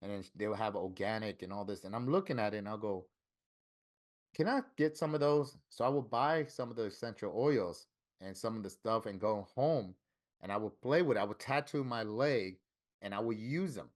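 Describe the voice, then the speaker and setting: A man's voice: lowish voice, a little fast. A middle-aged man from Florida, a tattoo artist telling stories in a casual interview and acting out the dialogue he quotes. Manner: lively storyteller who acts out quoted dialogue.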